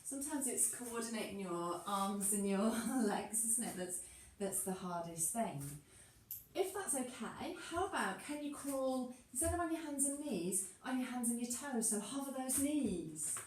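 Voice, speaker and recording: A woman teaching a floor-exercise class in an encouraging, playful way, her voice sitting a little high. She sounds set back from the mic in a very echoey room, with a faint hiss underneath. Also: expressive, unhurried, a little mellow, far from the mic. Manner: encouraging, playful, laughs often. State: a little out of breath. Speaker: movement class instructor. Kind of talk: guided exercise class instruction.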